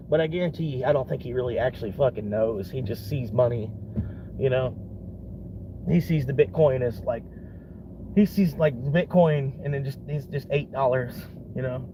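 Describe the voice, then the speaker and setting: A man's voice: medium pitch, noisy background. A young man from Florida in a casual rambling vlog, swearing often and laughing between thoughts. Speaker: vlogger.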